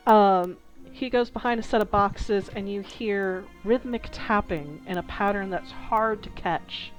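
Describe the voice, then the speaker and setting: A woman narrating a tabletop game as dungeon master, describing scenes slowly with small hesitations. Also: mid-range voice, poor audio.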